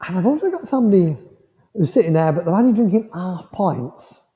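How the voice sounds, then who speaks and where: Gentle man, hall reverb. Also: high voice, sing-song, fairly quick. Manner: gentle, reassuring, checks in with "yeah?" often. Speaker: medium. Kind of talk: mediumship demonstration to a congregation. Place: village hall. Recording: muffled hall sound with long reverb.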